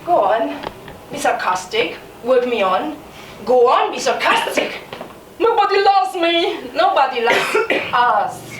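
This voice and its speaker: An actress on stage playing a bitter, resentful maid who talks with sarcasm and sudden outbursts. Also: female voice, sits high, animated, slow pace. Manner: sarcastic, mocking, swings into outbursts. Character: bitter, resentful young maid, scornful and fierce. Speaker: stage actor. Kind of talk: live stage drama. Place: small theatre stage. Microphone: distant room mic. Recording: echoey theatre from far off, faint noise.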